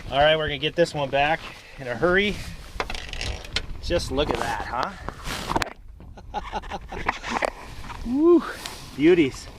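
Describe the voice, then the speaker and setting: Fishing vlogger, male, slow easygoing talk from a boat, faint outdoor hiss behind. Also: on the high side. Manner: relaxed and chatty, bursts of excited whoops on catches. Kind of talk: casual narration while fishing.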